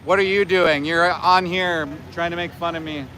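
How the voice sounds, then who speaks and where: Outdoors near a slaughterhouse beside homes, an activist in his forties streams live from a phone, faint traffic and street noise around him. He talks to viewers at an unhurried pace in a high, bright, steady voice, needling them with sarcasm and scolding.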